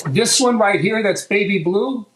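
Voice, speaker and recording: An older American man, a guitar maker, telling a story in a lively, casual way, swearing now and then and acting out what people said. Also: sits high, a little slow, noisy background. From United States. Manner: animated, swears, acts out quotes. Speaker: guest luthier.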